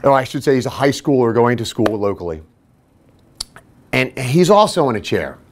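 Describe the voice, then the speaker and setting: Man, fitness podcast host, animated self-deprecating storyteller, very lively pitch. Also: moderate pace, a little hiss or hum. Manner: animated, self-deprecating, acts out quoted voices. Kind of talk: casual anecdotal storytelling.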